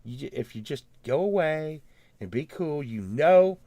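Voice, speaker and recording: A man putting on a nervous, placating male county official who tries to hush him up. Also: animated, measured pace, no room sound. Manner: high hushed pleading, shushing.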